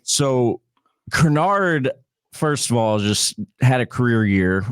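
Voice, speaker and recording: A man's voice: medium pitch, lively intonation, slow, smooth, no echo, studio quality. A man talking as a guest on a casual sports podcast, enthusiastic, with stammering restarts.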